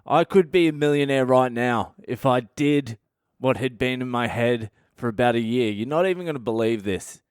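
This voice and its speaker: A man's voice: mid-range voice, normal speed, clean tone, dry recording, studio quality. Profane, ranting Australian man. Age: middle-aged. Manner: profane, ranting, self-mocking. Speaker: comedian podcast host. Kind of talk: comic storytelling monologue.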